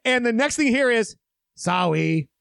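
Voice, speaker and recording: A man's voice: sits high, moderate pace, no echo. A man co-hosting a casual podcast, recapping a movie plot and telling stories with frequent laughter. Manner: animated storyteller, laughs often. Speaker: podcast co-host.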